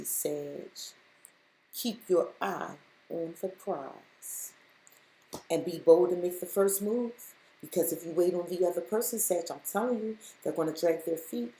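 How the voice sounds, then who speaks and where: A tarot reader with a lowish, dark voice offers a spiritual reading in an echoey room. She speaks directly to the listener and returns to her points again and again with emphasis.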